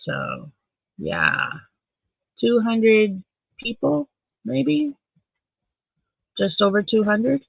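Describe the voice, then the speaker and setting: This Saskatchewan man's voice sits high and has a sing-song, creaky quality with a breathy edge, and he speaks very slowly with long pauses. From home, he hosts a casual late-night live stream, reading viewer comments aloud, answering them, and talking to his dog. The audio is dry and phone-like.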